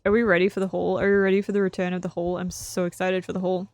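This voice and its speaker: A woman streaming a video game, commenting excitably and repeating phrases over and over into a close microphone. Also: lowish voice, fast talker, dry recording. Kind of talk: let's play commentary.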